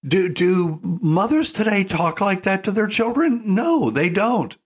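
Husky and high-voiced, this older man from the United States speaks a little slowly and expressively. He offers folksy, emphatic parenting commentary in an opinionated monologue, calling his audience "folks."

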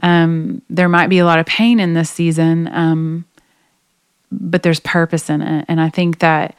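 A woman with a low, smooth voice tells a personal story in an earnest, emotional way, with plenty of fillers. She is a podcast guest, speaking close to the mic in a dry room. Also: flat delivery, measured pace, no echo. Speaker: guest, singer. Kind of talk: conversational faith podcast storytelling.

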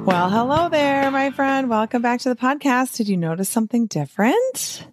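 A middle-aged woman hosting her own podcast, talking in a chatty, upbeat way with quick asides and frequent laughs. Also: high voice, very animated, soft background music. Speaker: podcast host, physician and weight-loss coach. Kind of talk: casual solo podcast talk.

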